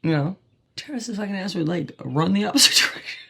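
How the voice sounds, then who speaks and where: A woman's voice: fairly low pitch, fast talker, creaky, fairly bright tone, husky. A woman hosting a podcast, telling candid personal stories in a rambling way, laughing often and swearing casually. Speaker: podcast host.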